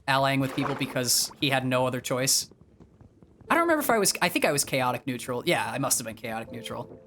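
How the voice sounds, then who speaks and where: A young man from the northeastern US chats casually on his livestream and drifts from thought to thought. He fills his talk with ums and restarted phrases, at a middling pitch. Soft music plays faintly behind him. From northeastern US, near Boston. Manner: rambling, with many fillers and restarts. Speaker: streamer.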